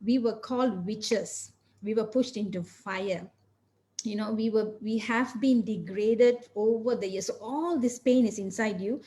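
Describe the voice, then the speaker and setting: Earnest woman physician explaining calmly. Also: mid-range voice, a little slow. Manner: earnest, explanatory, lists points step by step. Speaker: physician and coach, guest. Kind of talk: interview answers.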